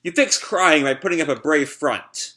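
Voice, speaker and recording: Kind, teasing dad, read by a man, slightly raised, bright. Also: fairly high pitch, moderate pace. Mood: fond. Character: kind, cheerful adoptive father, gently teasing.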